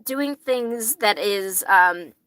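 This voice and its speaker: A woman's voice: mid-range voice, lively intonation, drawn-out words, fairly bright tone, dry recording. A young woman hosting a casual tarot livestream, chatty and rambling, swearing casually and laughing often while eating fries. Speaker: tarot reader and livestream host.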